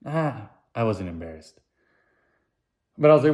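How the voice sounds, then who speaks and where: Young adult male podcast host, low-ish voice, rambling and self-deprecating, goofy put-on voices for quotes. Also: animated, normal speed, pauses often, a little mellow. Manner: rambling, self-mocking, jokey asides; puts on silly high voices when quoting. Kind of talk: casual solo podcast monologue.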